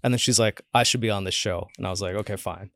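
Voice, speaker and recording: A man in his forties speaks in a low, easygoing register as a podcast guest. He tells stories casually, slips into the voices of the people he quotes and leans on "like" as filler. The recording is close and dry, with no room sound. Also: fast, a bit bright, no room sound. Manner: chatty, acts out quoted voices, many "like" fillers. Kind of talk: casual interview storytelling.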